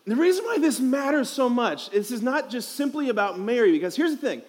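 A man's voice: very high-pitched, expressive, brisk. A young man, a priest, giving a playful, emphatic homily at a youth conference, asking the crowd questions, speaking into a headset mic.

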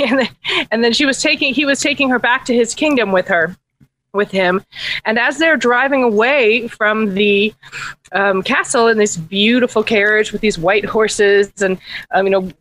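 A woman's voice: on the high side, fairly bright tone, rough recording. A woman podcast host retelling a fairy tale in a chatty way, with laughs and lots of fillers. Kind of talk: casual storytelling.

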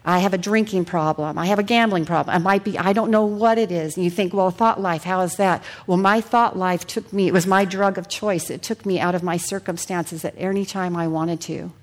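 A woman preaching a sermon in a church hall, earnest and personal, sharing her testimony and sometimes dropping her voice to a hush. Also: on the low side, fairly even intonation, normal speed, hardly any pauses. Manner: earnest, personal testimony with soft hushed passages.

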